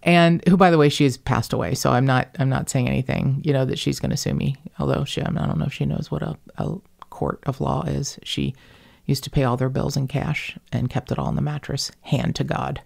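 A woman hosting a podcast, with a faint Northern Kentucky accent in her vowels and cadence. She talks in long, rambling, animated stories full of asides. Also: a bass voice, fairly quick, gravelly. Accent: slight Northern Kentucky. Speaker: podcast host. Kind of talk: casual podcast chat.

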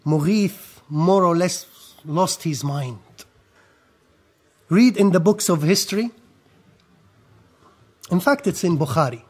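A male lecturer with a notably high-pitched voice delivers a recorded history talk as animated storytelling. He poses rhetorical questions and swings between hushed asides and emphatic, raised lines.

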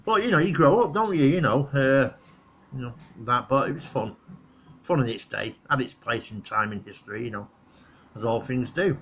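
A man's voice: medium pitch, expressive, normal speed, a bit bright, a little hiss or hum. A middle-aged man, rambling casually through old memories on his vlog and laughing at his own stories. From northwest England. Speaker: vlogger.

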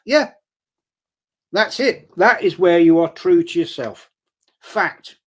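A man's voice: on the high side, expressive, slow pace, pauses often, fairly bright tone. A middle-aged man talking bluntly on a livestream, reading out viewer comments between his opinions. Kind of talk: casual livestream chat.

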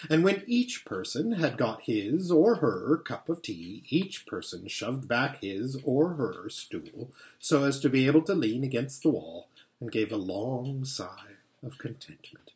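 A man reading a children's novel aloud as narrator, in an expressive storytelling manner. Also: medium pitch, measured pace. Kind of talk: audiobook reading.

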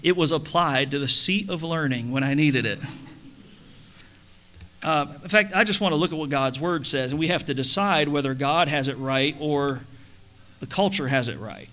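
A man's voice: on the high side, moderate pace, pushed and bright. A middle-aged male pastor preaching a sermon in a church, conversational and humorous, asking the congregation questions. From United States. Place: church sanctuary.

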